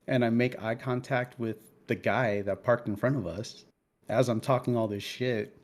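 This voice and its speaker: Male podcast co-host, 30s, mid-pitched, profane animated storyteller. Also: moderate pace. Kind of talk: casual chat.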